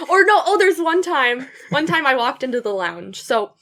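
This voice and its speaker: A woman's voice: high voice, a little slow. Giggly young woman telling stories. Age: young adult. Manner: giggly, animated storytelling. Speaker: guest. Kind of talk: casual podcast chat.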